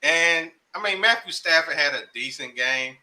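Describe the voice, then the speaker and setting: Laid-back man with a bright, tense voice. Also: on the high side, expressive, normal speed, poor audio. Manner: laid-back, slangy, reads stats. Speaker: co-host. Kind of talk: casual sports chat.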